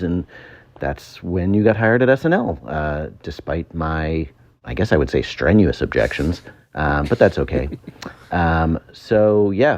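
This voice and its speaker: A man's voice: sits low, darkish tone, lo-fi sound. A man telling a rambling anecdote in a voice note, full of ums and chuckles. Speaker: former show writer sending a voice note. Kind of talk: casual anecdote. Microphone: phone voice memo.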